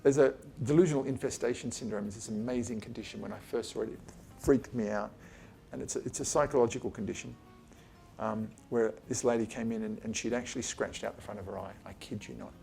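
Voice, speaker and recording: There's faint music behind this gravelly-voiced Australian man, whose mid-range voice has a dark tone and a fast pace. An eye surgeon, he's giving an informal lecture to a small group of colleagues in his office, blunt and chatty, casually swearing and acting out conversations with patients.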